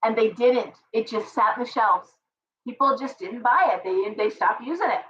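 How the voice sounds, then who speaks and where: A middle-aged woman hosting a casual livestream tarot reading, chatty and ranting with animated asides. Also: fairly high pitch, normal speed, far from the mic, lo-fi sound, slight background noise. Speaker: tarot reader and live stream host.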